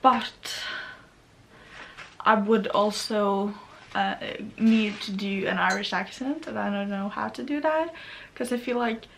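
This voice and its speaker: Speaking slowly in a creaky, mid-range voice, a Norwegian vlogger rambles nervously at home beside her computer. She is young, has a Norwegian accent, and keeps correcting herself, with a little hiss or hum in the recording.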